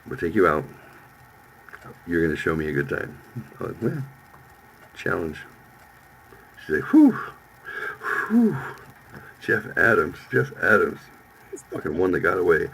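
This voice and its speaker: Man in his fifties, profane storyteller, low voice, faint hiss. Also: sing-song, normal speed, vocal fry, long pauses, a bit bright, rough recording. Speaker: podcast host. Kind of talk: casual storytelling chat.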